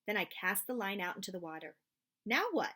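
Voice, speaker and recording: A woman reading a children's book aloud, with expressive storytelling. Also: mid-range voice, fast.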